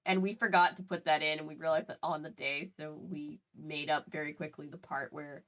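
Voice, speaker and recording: A woman's voice: deep voice, a little fast, dull audio. Woman, grew up in the South, casual stream co-host, chatty, laughing. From American South. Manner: chatty, laughing, animated retelling. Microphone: home desk setup.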